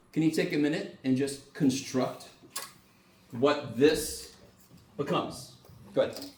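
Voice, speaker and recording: A man's voice: mid-range voice, vocal fry, recorded from a distance. Male math lecturer, loose and jokey with salty language, recorded from across an echoey classroom with faint room hum. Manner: casual, joking, swears freely, animated.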